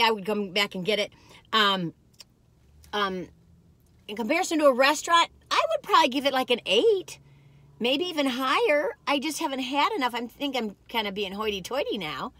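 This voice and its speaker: A chatty, excitable woman, reviewing food from her parked car and talking as she eats. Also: high voice, no room sound. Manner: chatty, excitable, folksy, talks while eating.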